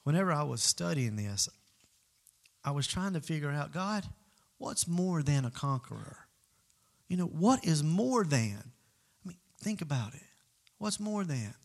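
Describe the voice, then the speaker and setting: Male pastor, raised pitch with fry, emphatic sermon delivery. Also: big pitch swings, a little slow, pauses often. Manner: emphatic, swings between loud calls to the congregation and quiet asides.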